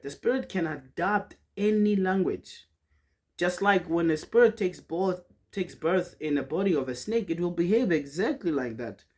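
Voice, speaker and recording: Husky man preaching spirituality. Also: fairly high pitch. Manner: emphatic, preachy, storytelling. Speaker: spiritual speaker. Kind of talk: spiritual monologue.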